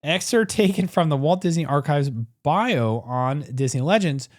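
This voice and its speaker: Lively-voiced man co-hosting a podcast. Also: fairly high pitch, normal speed, dry recording, studio quality. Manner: reads scripted history between playful banter. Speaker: podcast co-host. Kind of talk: casual podcast chat with read narration.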